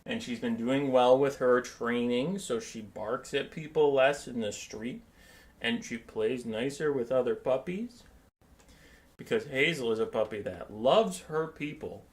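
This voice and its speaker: A man's voice: mid-range voice, expressive, unhurried. A man streaming a strategy game live, chatting casually and playfully and slipping into baby talk with his pets.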